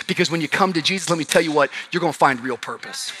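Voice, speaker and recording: A male pastor with a high, bright, forceful voice delivers a sermon in a church. He swings between shouting and near-whispered lines. His pace is quick and conversational. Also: slight background noise. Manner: passionate, swings from shouting to hushed. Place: large church auditorium.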